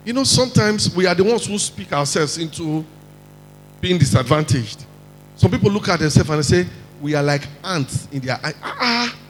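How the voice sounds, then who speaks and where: A man with a Nigerian accent preaching a lively sermon, acting out quotes and mixing in pidgin. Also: fairly high pitch, normal speed, big-room sound, soft background music, rough recording. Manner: animated, mixes in pidgin, acts out quotes.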